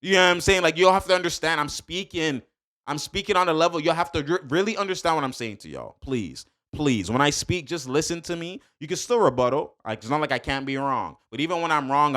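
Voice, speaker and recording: A man's voice: fairly high pitch, a bit bright. A man giving a casual, emphatic basketball breakdown, full of slang, repeating points and talking straight to his viewers. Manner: emphatic, fired-up, heavy slang, addresses viewers directly. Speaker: sports commentator.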